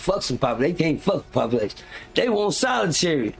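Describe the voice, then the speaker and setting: Ranting casually on his live stream, a man talks fast with big pitch swings, heated, profane and rambling. His voice is a little high, with vocal fry and a breathy edge, and he keeps restarting and using filler words.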